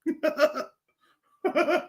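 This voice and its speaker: A young man from Mexico with a bright, forceful voice streams live over a desk mic. He answers chat questions in a casual, rambling way. He swears freely and restarts his sentences often. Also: drawn-out words. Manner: profane, loose, lots of fillers and restarts. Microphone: streaming microphone.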